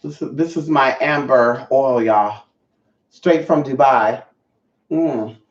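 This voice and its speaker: On a livestream, a sassy vlogger with a mid-range voice chats slowly and casually, swearing freely. He reads viewer comments and greets people by name, and the lo-fi audio has a roomy sound.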